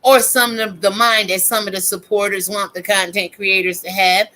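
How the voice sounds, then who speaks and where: Poor audio captures a woman ranting in a casual commentary vlog, her medium-pitched voice sharp in tone with fairly even intonation at a normal speed. She's preachy and fiery, quoting scripture between bursts of cursing.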